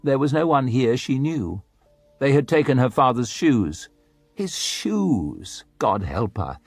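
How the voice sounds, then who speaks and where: A man narrating an audiobook in a slow, dramatic storytelling manner. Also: medium pitch, sing-song, slightly rough, no echo, soft background music.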